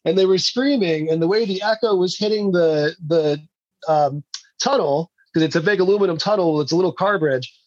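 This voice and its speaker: A man's voice: high-pitched, fairly quick, muffled recording. A man, an indie filmmaker, telling rambling stories in a casual interview and laughing often.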